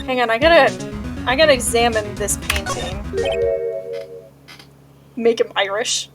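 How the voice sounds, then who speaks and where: A woman's voice: fairly high pitch, measured pace, long pauses. A woman streamer making self-deprecating, joking asides while playing a game. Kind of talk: casual gameplay commentary. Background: game music.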